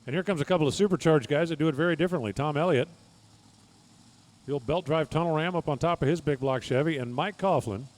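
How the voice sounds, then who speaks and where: A man calls drag races live, his slightly high voice mixing numbers and times with easygoing jokes. Faint engine noise hums behind him at the track. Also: quick pace, darkish tone. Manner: folksy, joking asides. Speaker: drag racing commentator. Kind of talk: live race commentary.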